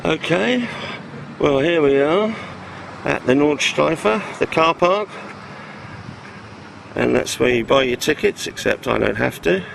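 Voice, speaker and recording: A relaxed man gives a chatty walk-around commentary with a gravelly edge to his voice. He is recorded outdoors, and clear traffic and car noise run behind him. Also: fairly high pitch, slow, long pauses. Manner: relaxed, chatty with hesitant fillers. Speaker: vlogger on a track visit. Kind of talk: casual walk-around narration. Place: outdoors at a racetrack.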